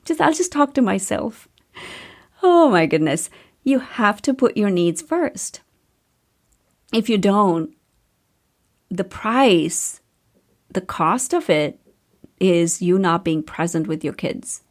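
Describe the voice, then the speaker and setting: A woman's voice: lowish voice, lively intonation, slow pace, long pauses. A woman in her thirties hosting a podcast, talking candidly and casually with a storyteller's chatty flow. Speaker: podcast host and coach.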